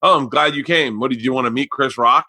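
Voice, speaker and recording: Bright-voiced man hosting a podcast. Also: medium pitch, quick pace, dry recording. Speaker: podcast host. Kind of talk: casual podcast chat.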